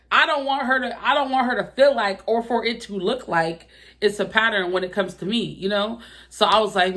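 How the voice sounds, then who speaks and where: A young woman retells a personal drama straight to camera, swearing freely and punching key moments with loud, incredulous outbursts. Her voice sits in a middle pitch and moves in a relaxed, conversational rhythm. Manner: profane, animated retelling with exaggerated quoted outbursts. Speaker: storytime vlogger. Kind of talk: casual storytime vlog.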